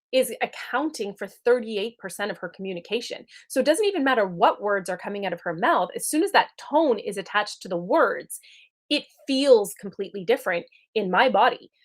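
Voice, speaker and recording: A woman's voice: medium pitch, lively intonation, moderate pace. A woman in her thirties giving an earnest, conversational spiritual teaching talk. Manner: earnest, conversational, checks in with "right?".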